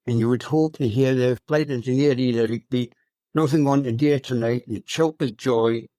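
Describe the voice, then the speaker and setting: A 100-year-old RAF veteran, interviewed as a guest, recalls his wartime memories in a halting, unhurried manner full of fillers. His mid-range voice is mellow, and the recording is dry.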